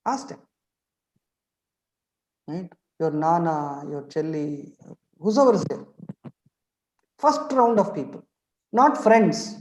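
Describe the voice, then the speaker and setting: A man's voice: on the high side, takes it slowly, pauses often, echoey room, low-quality recording. A middle-aged man giving a motivational webinar lecture as a trainer. He asks rhetorical questions and keeps checking in with "right?".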